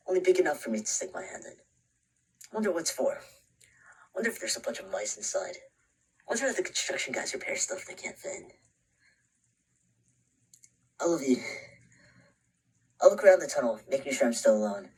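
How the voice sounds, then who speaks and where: A man's voice: medium pitch, slightly rough, poor audio. An actor playing an anxious, introspective young man who narrates a short film in a half-whispered voice. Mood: shaken. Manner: brooding, often half-whispered, breaks into panicked shouts.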